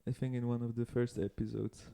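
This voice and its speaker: A man's voice: medium pitch, level tone, brisk, gravelly, warm tone, smooth. A man co-hosting a comedy podcast, adding short dry jokes in casual chat. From Poland.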